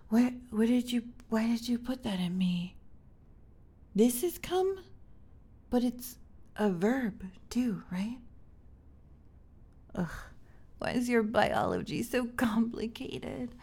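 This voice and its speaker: A young woman plays a curious, tender alien in a human body in this whispered role-play. The voice sits slightly high and breathy, and she speaks slowly. She trips over her words, giggles, and stays close to the mic. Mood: puzzled. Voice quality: breathy, soft. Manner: halting, repeats words, giggly.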